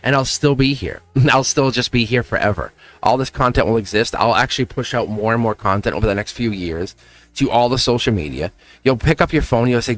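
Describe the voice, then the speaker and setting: A man's voice: mid-range voice, lively intonation, a little fast, fairly bright tone, no echo. A man hosting a tarot reading livestream, talking in a chatty, encouraging way and laughing often. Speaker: tarot reader and livestream host. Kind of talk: casual livestream chat.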